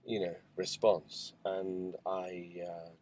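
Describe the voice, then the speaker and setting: A man's voice: sits low, little pitch movement, slow pace, darkish tone, low-quality recording. A father talking frankly to camera in a spoken diary, rambling through a family story with asides. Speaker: father recounting family life. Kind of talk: candid spoken diary monologue.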